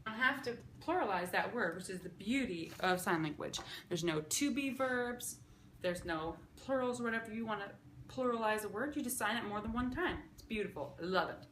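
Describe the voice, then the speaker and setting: A woman's voice: medium pitch, expressive, brisk, fairly bright tone. A woman teaching sign language grammar in a casual way. She explains step by step at a whiteboard and keeps checking in with "okay?". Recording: echoey room, faint background noise.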